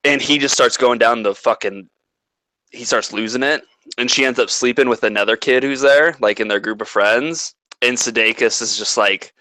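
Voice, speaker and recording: Bright, dry-voiced man recapping casually. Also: mid-range voice, moderate pace, dry recording, rough recording. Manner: profane, rambling plot recap full of "like". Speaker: podcast co-host. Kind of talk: casual chat.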